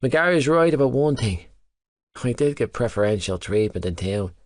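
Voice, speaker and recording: A man's voice: mid-range voice, animated, moderate pace, no echo. Male audiobook narrator, dry close studio sound. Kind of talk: first-person audiobook narration.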